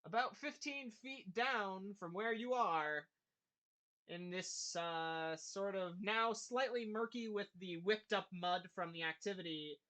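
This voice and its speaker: A game master narrating a tabletop game scene in a rambling way, full of pauses and restarts. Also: medium pitch, bright, forceful tone. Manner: rambling, many fillers and restarts.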